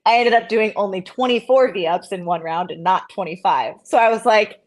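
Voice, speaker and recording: Woman in her thirties, interview guest, casual chat, animated, self-mocking, mid-pitched. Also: moderate pace. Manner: animated, self-mocking, acts out quotes in a higher voice. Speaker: interview guest, CrossFit athlete.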